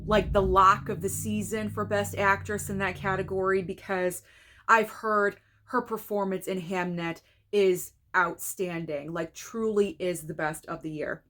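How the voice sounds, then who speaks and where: Excitable woman reacting to film news. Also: medium pitch. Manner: excitable, gasping and gushing; chatty, frank opinions. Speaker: film reviewer. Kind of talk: casual reaction video.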